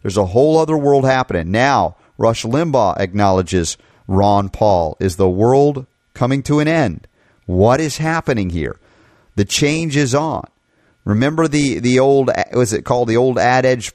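A man's voice: medium pitch, expressive, measured pace, darkish tone, no room sound. Male talk radio host, fired-up monologue, dry close studio sound. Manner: impassioned, rhetorical questions.

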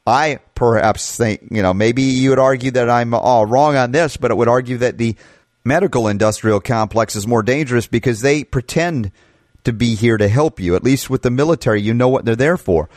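A man's voice: medium pitch, moderate pace, dry recording. A man hosting a talk radio show, delivering an impassioned monologue full of rhetorical questions, into a studio mic.

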